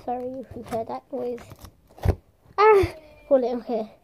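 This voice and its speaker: Speaking a little slowly in a high, expressive voice, a young woman vlogger casually presents her squishies and slime over some background noise. She stays bubbly and playful, occasionally whispering and making little sound effects for ASMR.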